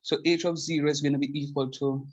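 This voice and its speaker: A middle-aged man lectures on calculus in a fairly high, husky voice. He keeps repeating his main point for emphasis and often stops to ask whether his students can see it. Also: level tone, fast talker, highs cut off. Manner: repeats key points emphatically and checks understanding. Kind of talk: classroom math lecture.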